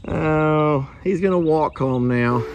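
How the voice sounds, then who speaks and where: A man, talking casually to viewers of his animal sanctuary vlog in a folksy, drawn-out way, outdoors on a farm. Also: fairly high pitch, heavy background noise. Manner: folksy, drawn-out, slow emphasis. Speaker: animal sanctuary owner and vlogger.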